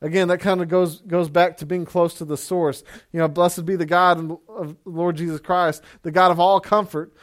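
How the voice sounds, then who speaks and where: A man's voice: high-pitched, steady tone, normal speed. A man preaching a casual, conversational sermon, often saying "man" and trailing into fillers as he talks. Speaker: pastor.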